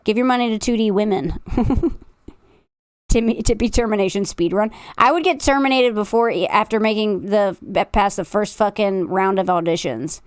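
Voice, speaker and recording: A woman streamer riffs loosely to her chat, bursting into giggles and crude, teasing jokes. Her voice sits at an ordinary middle pitch. It comes through close and dry, with no room around it. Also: moderate pace, clean tone, no room sound. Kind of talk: casual reaction stream chat.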